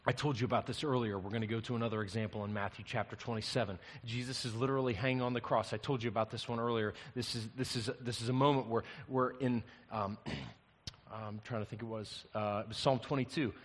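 A male pastor preaching a sermon, an animated storyteller who swings from loud to hushed. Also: mid-range voice, fast talker, in a large hall.

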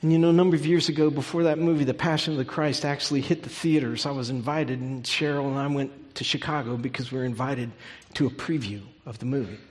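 A pastor preaching a sermon, his delivery swinging from loud emphatic peaks down to hushed, near-whispered lines. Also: medium pitch, a little fast, big-room sound.

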